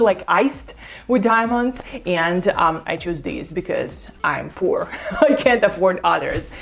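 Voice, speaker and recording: Excited woman vlogger unboxing a gift. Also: lowish voice. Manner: excited, gushing. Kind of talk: casual unboxing vlog.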